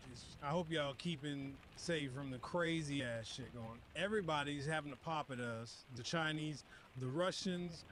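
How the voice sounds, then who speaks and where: A man's voice: a little high, fairly bright tone, a little hiss or hum, lightly acted. A man voicing a brash, crude American radio DJ with boisterous, slangy, profane patter. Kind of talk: comedic radio DJ monologue.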